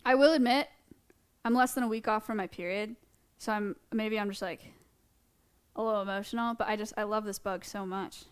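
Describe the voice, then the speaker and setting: A woman's voice: mid-range voice, fairly even intonation, fairly quick, clear, resonant tone. A young woman streaming from an animal sanctuary, talking casually and gushing affectionately about a small bug. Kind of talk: casual live-stream chat. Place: indoor animal sanctuary room.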